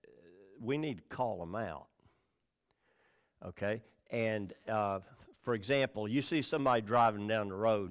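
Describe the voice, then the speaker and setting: A male pastor teaching from the Bible in a conversational sermon, reading scripture with stress on key words and often checking in with the listeners. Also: fairly low pitch. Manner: conversational, checks in with "all right?" and "okay?".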